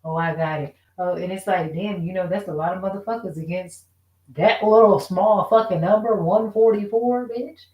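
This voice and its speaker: A woman vents in a loose, rambling monologue, swearing freely and firing off frustrated rhetorical questions. Her voice sits at a middle pitch and bounces around a reverberant room. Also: moderate pace, muffled recording. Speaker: vlogger. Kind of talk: casual rant to camera. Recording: echoey room.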